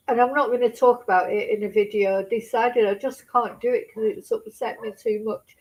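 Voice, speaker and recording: A woman's voice: fairly high pitch, muffled recording. A middle-aged woman chatting on a live stream, tearful and upset, swearing and laughing nervously between sentences. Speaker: true crime streamer. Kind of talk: casual live-stream chat.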